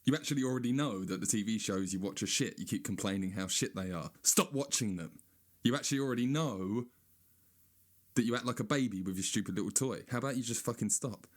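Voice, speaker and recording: A man doing a sweary, sarcastic stand-up rant, now and then mocking people in a high whiny voice. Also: fast. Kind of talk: ranting stand-up monologue.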